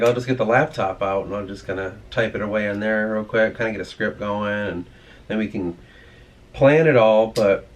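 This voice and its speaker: A man's voice: lowish voice, a little hiss or hum. Guy vlogging, rambly and cussing a lot, just ranting away. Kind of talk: casual rambling monologue.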